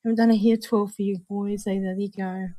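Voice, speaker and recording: A woman's voice: medium pitch, flat delivery, fast talker, mellow, slight background noise. A New Zealand woman co-hosting a casual livestream, chatty and bubbly, calling viewers darling and honey. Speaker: vape show co-host.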